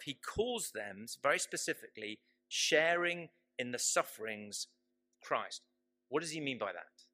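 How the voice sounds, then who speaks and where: A man preaching a sermon, slow and emphatic, repeating his key phrases for weight. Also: medium pitch, pushed and bright.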